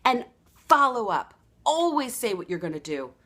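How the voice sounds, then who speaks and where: A woman giving a motivational sales training talk, acting out quoted dialogue with lively energy. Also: a little high, moderate pace. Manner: animated, acts out quoted dialogue. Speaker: sales coach.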